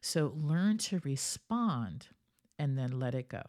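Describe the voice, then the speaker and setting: A woman with a bass-range, slightly mellow voice speaks slowly in a sing-song way while hosting her solo wellness podcast. She coaches, keeps asking "right?" and acts out the people she quotes.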